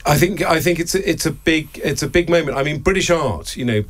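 A man's voice: fairly high pitch, a little fast. A man hosting a casual radio chat show, bantering playfully. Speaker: host.

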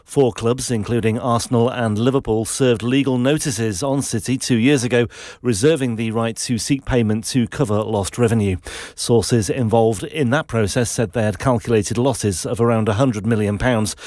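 Male newsreader, steady formal read, dry close sound. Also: mid-range voice, no echo. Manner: measured, formal. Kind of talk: news reading.

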